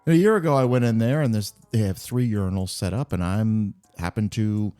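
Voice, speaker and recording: A man's voice: lowish voice, brisk, smooth, faint music behind. A man telling funny personal anecdotes as a podcast guest, acting out the voices of people in his stories. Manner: animated anecdote-telling with acted quotes. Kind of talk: casual storytelling.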